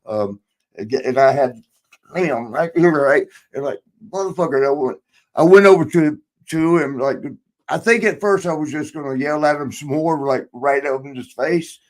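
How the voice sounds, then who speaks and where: A man's voice: on the high side, normal speed. An older man in his sixties tells stories in loose, rambling podcast chat. He swears freely, laughs often and slips into the voices of the people he quotes. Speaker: podcast host, former wrestler. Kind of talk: casual storytelling chat.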